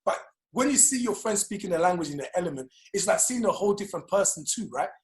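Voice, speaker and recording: A Congolese man with a British accent hosting a comedic chat, animated and laughing, often repeating words. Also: sits high, fast, roomy sound. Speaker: host.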